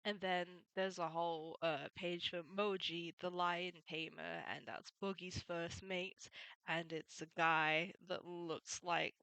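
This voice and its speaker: A woman's voice: fairly low pitch, flat delivery, slow, creaky, a bit bright, smooth, no room sound. A woman casually summarizing a comic volume in a chatty way, laughing often and quoting characters as she goes. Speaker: manga reviewer.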